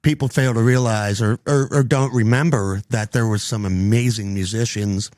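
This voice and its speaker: A man's voice: fairly low pitch, fairly even intonation, moderate pace, darkish tone, dry recording, studio quality. A middle-aged man hosting a casual podcast chat, rambling with lots of ums and restarts. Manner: rambling, many fillers and restarts. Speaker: podcast host.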